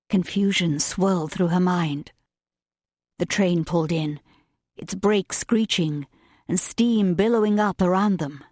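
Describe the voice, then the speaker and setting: A woman reads a romance audiobook at a slow, measured pace. Her voice sits a little low and carries a soft breathiness, and the recording is close and dry. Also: no room sound. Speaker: audiobook narrator. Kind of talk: scripted narration.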